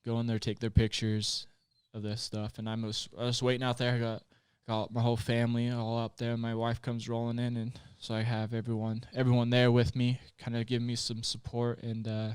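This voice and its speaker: A man's voice: mid-range voice, monotone, brisk, few pauses, a little mellow, smooth, dry recording, clean studio sound. A man in his late twenties from Utah, a podcast guest telling a personal story in casual conversation, candid and plainspoken, with frequent swearing. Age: late 20s.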